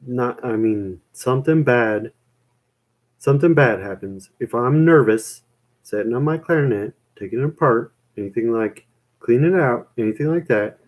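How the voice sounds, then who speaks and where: A young man rambles loosely through a casual chat, reacting to what viewers type and poking fun at himself, with "man" and "dude" in nearly every line. His pitch is an everyday middle, he talks at normal speed, and the recording quality is low.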